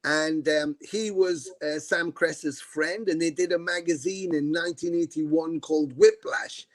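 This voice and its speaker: A man's voice: fairly high pitch, fairly even intonation, a little slow, no room sound. Rambling middle-aged man telling stories. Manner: rambling anecdotes, frequent fillers and casual swearing. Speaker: guest musician. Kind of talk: casual interview storytelling. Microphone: video call.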